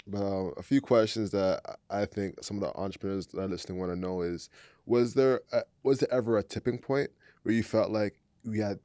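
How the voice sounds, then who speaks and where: A man's voice: fairly low pitch, fairly even intonation, a little fast, dark tone, no room sound, clean studio sound. A man hosting a podcast, asking casual, loosely phrased questions with some hesitation. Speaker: podcast host. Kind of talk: interview questions.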